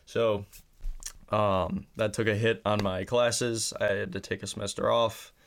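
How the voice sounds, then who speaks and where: A young man with a Wisconsin accent talks casually as a podcast guest. His voice sits low with a gravelly fry. He speaks haltingly, with plenty of ums and restarts. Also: little pitch movement, a bit bright. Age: young adult. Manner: halting, with many fillers and restarts.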